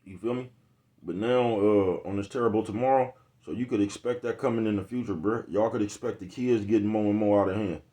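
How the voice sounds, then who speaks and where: A man's voice: lowish voice, a little fast, warm tone. A man in a casual, rambling vlog monologue, cursing freely and asking "you know what I'm talking about" again and again. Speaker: vlogger.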